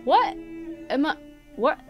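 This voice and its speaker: A woman's voice: high-pitched, sing-song, a little mellow, faint music behind. A woman giving sarcastic, swear-filled commentary while playing a video game. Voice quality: sarcastic, swears, quick to laugh. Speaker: let's play commentator. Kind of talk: gameplay commentary.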